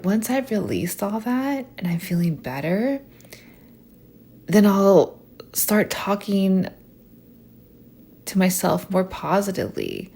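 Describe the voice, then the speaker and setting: A young woman hosting a podcast, talking softly and unfiltered in a chatty stream of consciousness, full of "like" fillers. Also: fairly low pitch, big pitch swings, takes it slowly, gravelly. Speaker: podcast host. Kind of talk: soft stream-of-consciousness monologue.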